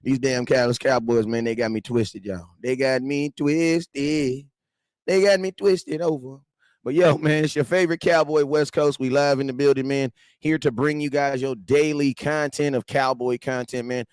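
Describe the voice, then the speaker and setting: A man's voice: mid-range voice, steady tone, moderate pace, a little mellow, clean tone, no room sound. A man in his thirties hosting a casual livestream fan show, joking and bantering with viewers in slangy, repetitive talk.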